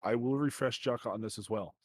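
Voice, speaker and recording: A man's voice: medium pitch, fast, a little mellow. A man with a Canadian accent, the game master, chatting animatedly and swearing freely during a stream break. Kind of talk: casual chat before a tabletop game stream.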